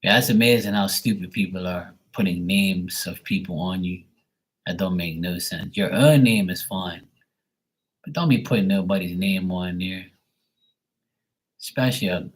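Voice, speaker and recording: A man's voice: low voice, moderate pace, husky, rough recording. A man hosting a livestream, telling a rambling story in blunt, profane casual chat. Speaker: livestream host.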